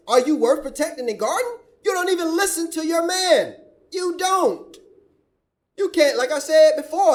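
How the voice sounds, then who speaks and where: A man hosting a reaction commentary, scolding and preaching as he rants. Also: high-pitched. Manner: preachy, scolding, quotes scripture. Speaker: commentary channel host.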